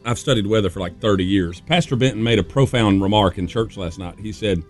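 A man, a guest on a local radio show, explaining things in a relaxed, conversational way. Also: lowish voice, brisk, soft background music. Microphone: studio guest microphone.

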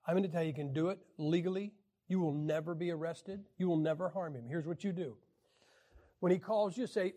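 High-voiced joking male Bible teacher. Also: darkish tone. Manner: wry, joking, clears throat often. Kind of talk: joking classroom lecture.

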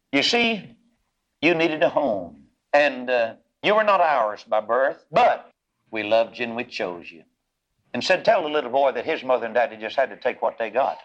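A man's voice: medium pitch, muffled recording. A middle-aged man, preaching a sermon as folksy storytelling that swells into fervent, chanted passages.

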